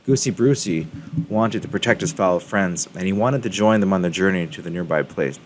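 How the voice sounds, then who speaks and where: A man's voice: low-pitched, brisk, slight background noise. A man hosting a crypto mining video, casually chatting and reading a children's story aloud with ums and self-corrections.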